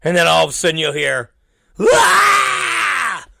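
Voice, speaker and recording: Gravelly high-voiced man telling stories. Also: fast talker, no room sound. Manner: profane, rambling, animated storytelling. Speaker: podcast host. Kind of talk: casual storytelling monologue.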